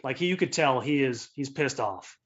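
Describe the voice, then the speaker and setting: A man's voice: medium pitch, animated, normal speed, a bit bright, muffled recording. A man narrating as game master in a tabletop game, loose and full of fillers.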